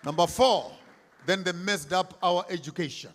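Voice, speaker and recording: A man giving an impassioned speech at an event, declaiming with repeated lines and swinging from hushed to shouted. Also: high voice, moderate pace, slight background noise. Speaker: speaker at a commemorative event. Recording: reverberant hall.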